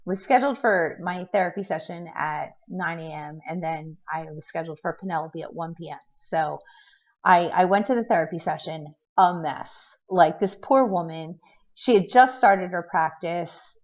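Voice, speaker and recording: A middle-aged woman with a fairly low voice tells a personal story in a loose, rambling vlog style. She restarts her sentences often and leans on fillers, and she acts out what others said. The recording sounds muffled and lo-fi. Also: normal speed. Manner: tends to act out quotes in a lively way. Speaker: vlogger telling a personal story. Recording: dull lo-fi recording.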